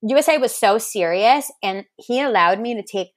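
Animated woman guest telling stories. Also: fairly high pitch, moderate pace, no room sound. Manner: animated storytelling, acting out quotes, swears freely. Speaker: podcast guest, reality show contestant. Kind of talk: casual chat.

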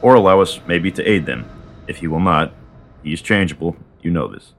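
A man reading calm, wise goddess Athena. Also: low voice, vocal fry, a little hiss or hum. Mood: soothing. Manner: soothing, reasoning, measured.

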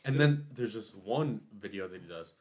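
A young man with a fairly low voice, chatting casually. He sounds laid-back and gets animated when he retells something. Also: normal speed. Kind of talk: casual chat.

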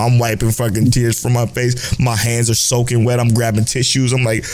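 A young man co-hosting a casual podcast, animated and swearing freely as he chats. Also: medium pitch, fairly quick. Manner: animated, swearing, laughing, self-mocking. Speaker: podcast co-host. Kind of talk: casual chat.

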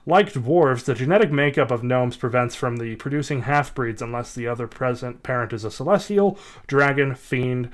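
A man co-hosting a comedy podcast, reading excerpts aloud haltingly and breaking into giggles mid-sentence. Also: mid-range voice, expressive. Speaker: podcast co-host.

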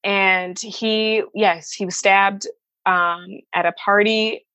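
A woman's voice: medium pitch, steady tone, slow pace, bright, forceful tone, no room sound. A woman from the Chicago suburbs telling a personal story to an interviewer, candid and emotional, swearing freely and acting out the voices of people she quotes. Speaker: interview guest.

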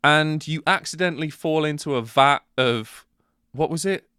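A man co-hosting a podcast, chatting casually about a film, animated and mock-outraged, swearing a lot. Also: fairly high pitch, moderate pace, clear, resonant tone, dry recording, studio quality. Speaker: podcast co-host. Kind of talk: casual film review chat.

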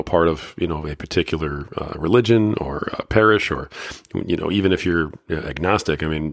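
A man's voice: low voice, dry recording, studio quality. A man hosting a podcast, retelling an old story in a loose, conversational way with lots of fillers. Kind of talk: casual talk retelling a Bible story.

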